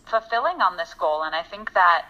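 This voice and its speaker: A woman's voice: lowish voice, expressive, normal speed, sharp tone, highs cut off. A young woman co-hosting a podcast, talking earnestly and reflectively about her goals in a casual chat, often restarting her sentences.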